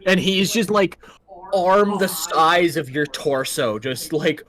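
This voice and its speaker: A man's voice: on the high side, takes it slowly. Laughing young man running a tabletop game. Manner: laughing, rambling and animated. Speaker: game master.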